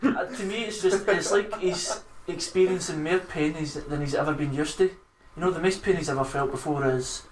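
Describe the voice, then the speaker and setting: A man's voice: on the high side, normal speed, hardly any pauses, slight background noise. A young man, co-hosting a podcast, who tells stories in a laid-back, sweary way. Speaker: podcast co-host. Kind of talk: casual chat. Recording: echoey room with faint ambience.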